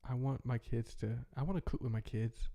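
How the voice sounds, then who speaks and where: A man's voice: medium pitch, a little fast, mellow. A young man talking in a rambling, heartfelt way, chatting casually as a podcast host. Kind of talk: casual reflective chat.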